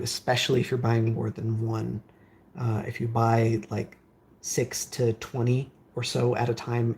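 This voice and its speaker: A man's voice: medium pitch, a little mellow, a little hiss or hum. A man hosting a live stream from his workbench, reading viewer comments aloud and answering them in a rambling way with lots of fillers. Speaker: streamer building game consoles. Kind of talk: casual live-stream chat.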